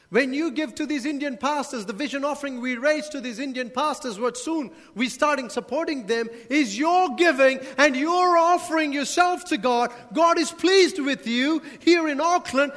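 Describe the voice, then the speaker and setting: Speaking with an extremely high pitch and a fairly bright tone, a male pastor gives a sermon in a church hall. He asks the congregation questions and makes humorous asides along the way, all under long hall reverb.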